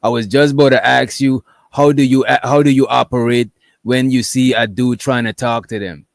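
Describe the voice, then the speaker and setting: Man, mid pitch, gravelly, dry close sound, opinionated, casual chat. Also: steady tone, normal speed, no echo. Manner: questioning, opinionated, laid-back.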